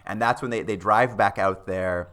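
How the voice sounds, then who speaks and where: Bright-voiced man recapping a show. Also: fairly low pitch, moderate pace. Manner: animated storyteller, acts out characters' lines. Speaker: podcast co-host. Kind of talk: casual chat recapping a TV show.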